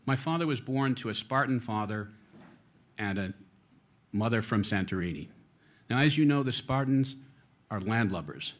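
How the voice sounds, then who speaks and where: A man giving a formal, measured tribute speech accepting an honor for his late father. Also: mid-range voice, lively intonation. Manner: formal, measured, slightly grand wording.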